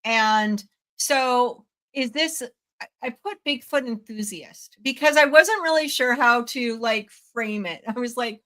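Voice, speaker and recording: Hoarse woman, bright voice, somewhat high, chatty and giggly, interview host on a video call. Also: a little slow. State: hoarse, recovering from a cold. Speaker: podcast host. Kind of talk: casual interview chat.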